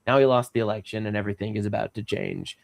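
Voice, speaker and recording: A man's voice: on the low side, steady tone, fast, gravelly, dry recording. A man hosting a podcast, talking casually in a rambling, sarcastic way with many fillers. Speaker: podcast host.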